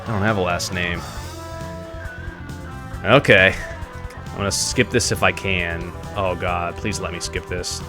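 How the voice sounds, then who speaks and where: A man streaming a game live, giving animated, mocking commentary with laughs. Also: low-pitched, measured pace, pauses often, music in the background.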